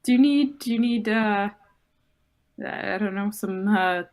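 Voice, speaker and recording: A woman's voice: mid-range voice, a little slow, a little mellow. A woman player in a tabletop game, giggly and generous. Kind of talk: casual tabletop play.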